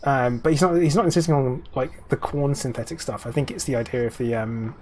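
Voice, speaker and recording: A man's voice: medium pitch, brisk, darkish tone, a little hiss or hum. A British man streaming a game, chatting casually with viewers in a rambling way with lots of ums and restarts.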